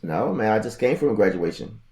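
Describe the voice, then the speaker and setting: A man co-hosting a podcast in a laid-back, casual way, often tossing in "man" and quick yeahs. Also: lowish voice, animated, a little mellow. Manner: laid-back, short affirmations, says man a lot. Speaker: podcast co-host. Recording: roomy echo.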